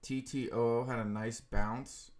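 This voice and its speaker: A man's voice: mid-range voice, steady tone, measured pace, darkish tone. A man hosting a casual livestream, speaking in an offhand way and thinking aloud with many fillers. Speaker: stream host trading stocks.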